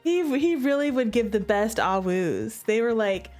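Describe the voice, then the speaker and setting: Bubbly high-voiced woman streamer. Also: lively intonation, unhurried, darkish tone, faint music behind. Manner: playful and giggly, chatting with and coaxing her pets. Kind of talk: casual chat while streaming. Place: room at home.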